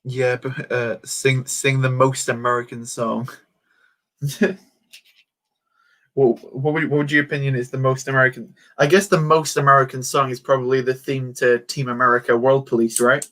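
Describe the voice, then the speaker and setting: A man's voice: mid-range voice, flat delivery, normal speed, pushed and bright. A man chatting casually on a livestream while building a toy set, joking and poking fun at himself. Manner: chatty, joking, self-mocking.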